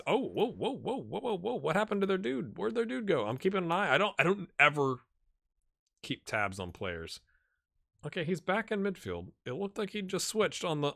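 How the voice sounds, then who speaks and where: A man commentating his own football management game, excitable, going from mumbled asides to shouts at near misses. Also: a little high, gravelly. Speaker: gaming YouTuber. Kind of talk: let's-play commentary.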